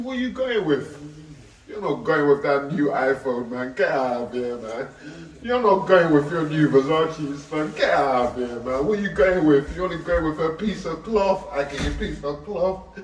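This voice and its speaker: A man's voice: fairly high pitch, unhurried, a little hiss or hum. A man tells an emotional street talk, intense and repetitive, pleading with listeners he calls Aki. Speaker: speaker recounting a friend's death. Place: outdoors on a street. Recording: echoey, distant, faint ambience.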